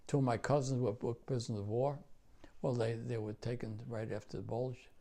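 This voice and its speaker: An older man with a New York accent speaks in a gravelly, dark voice. He tells his memories in halting bursts, repeats phrases and leans on fillers as he answers an interviewer's questions. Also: mid-range voice, fairly even intonation. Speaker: war veteran interviewee.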